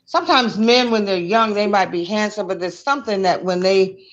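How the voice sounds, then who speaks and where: Speaking at medium pitch and a moderate pace on a lo-fi recording, a female co-host tells lively stories in a casual chat, laughing frequently.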